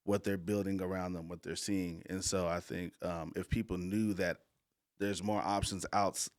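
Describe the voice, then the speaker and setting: A man's voice: deep voice, level tone, normal speed, no room sound, studio quality. A man speaking as a podcast guest about mentoring youth, earnest and building his points by repeating himself. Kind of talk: casual conversation.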